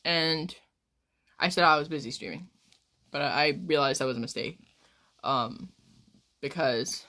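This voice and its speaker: A woman's voice: low-pitched, unhurried, bright, forceful tone. A woman in her twenties, a streamer rambling through crude stories in casual chat. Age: 20s.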